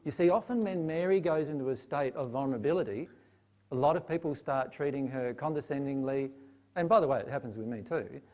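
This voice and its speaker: A man's voice: mid-range voice, fairly quick, dark tone. A man leading a live Q&A session, teaching in a conversational way and often checking in with the audience. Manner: conversational, asks the audience questions.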